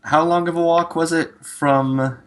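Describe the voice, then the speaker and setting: A man playing a tabletop game, working through the rules in a deadpan way. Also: fairly high pitch, a little slow. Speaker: player. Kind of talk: casual tabletop play.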